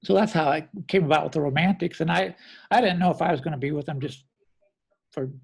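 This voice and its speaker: A middle-aged man with a slightly high, gravelly voice tells a long story in a loose, rambling way. He breaks off and restarts his sentences. He sounds a bit husky as a drummer chatting in an interview. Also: fast. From American Midwest. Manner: rambling, self-correcting anecdotes with acted quotes.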